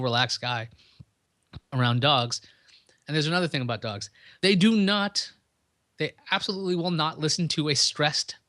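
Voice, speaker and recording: A man's voice: medium pitch, fairly bright tone, dry recording, clean studio sound. A man hosting a podcast, talking casually to listeners and explaining ideas through everyday examples. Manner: conversational, chatty, explains with examples. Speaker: podcast host.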